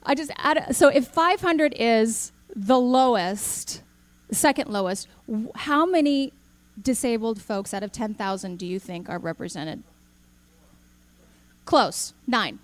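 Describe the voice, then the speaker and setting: Animated woman telling a story to an audience. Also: on the high side, slow. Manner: animated storyteller, acts out quoted dialogue, asks the audience questions. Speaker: speaker.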